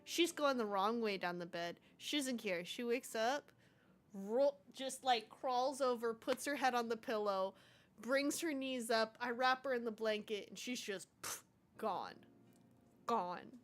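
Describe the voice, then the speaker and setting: Chatty high-voiced woman live-coding streamer. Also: a little slow. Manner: animated storyteller, chatty, lively asides. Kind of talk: casual chat while coding.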